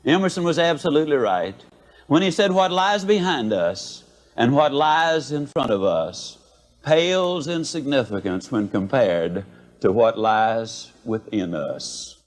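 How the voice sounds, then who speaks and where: In this poor-quality archival recording, a man with a mid-range voice speaks at a measured pace. He's a motivational speaker, animated and folksy, weaving homespun stories into his talk.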